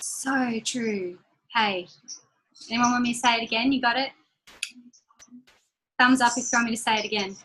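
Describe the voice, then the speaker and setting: Upbeat woman leading a team call; high, bright voice; chatty motivator who repeats key lines slowly. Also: fairly even intonation, poor audio. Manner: chatty and personal, laughs between points. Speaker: team leader giving a training call. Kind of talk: motivational talk on a group call.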